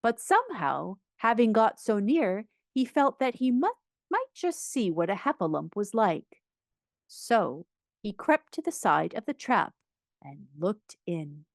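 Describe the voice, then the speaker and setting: Woman narrator for a children's classic, unhurried and lively in pitch, expressive storytelling. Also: creaky, dry recording, studio quality. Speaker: audiobook reader.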